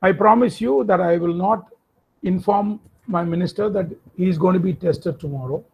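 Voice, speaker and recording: A man's voice: sits high, normal speed, gravelly, darkish tone, slightly rough, full character voice. A man voicing a king who reassures and placates his wife. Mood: placating. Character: king, indulgent henpecked husband. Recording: dull lo-fi audio.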